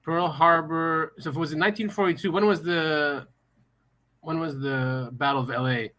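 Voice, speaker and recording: Podcast host, man, excitable and bright-voiced, laughs a lot. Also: on the high side, normal speed. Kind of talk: casual chat.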